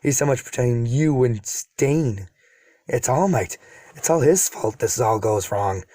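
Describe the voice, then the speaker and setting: A resentful young male villain who taunts his enemies in a low, unhurried voice, as a man reading a fan story puts him on. The sound is dry and close, with no room around it. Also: lively intonation, mellow, dry recording. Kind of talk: casual read-aloud of fan story.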